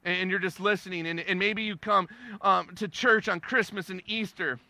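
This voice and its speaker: A male pastor delivering a sermon in a conversational, emphatic way, repeating phrases for stress and swinging between quiet and loud. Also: sits high, fairly even intonation, normal speed, dry recording.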